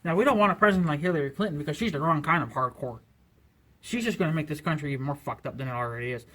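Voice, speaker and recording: A man with a fairly high voice delivers a heated rant straight to camera as a vlogger. He swears constantly and circles back to "you know" again and again. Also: a bit bright. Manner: profane and heated, filler-heavy with repeated "you know". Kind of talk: angry political rant to camera.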